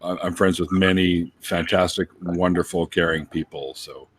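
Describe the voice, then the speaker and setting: A man's voice: deep voice, steady tone, normal speed, slightly rough. A man hosting a casual conversation, laid-back and loose, swearing and laughing often. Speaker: host.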